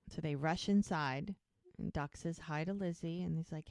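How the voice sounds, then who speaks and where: A woman's voice: on the low side, normal speed, no room sound, clean studio sound. A woman co-hosting a podcast, casually retelling scenes from a TV episode and briefly voicing the characters' lines. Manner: animated retelling, brief quoted character voices. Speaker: podcast co-host recapping a TV episode.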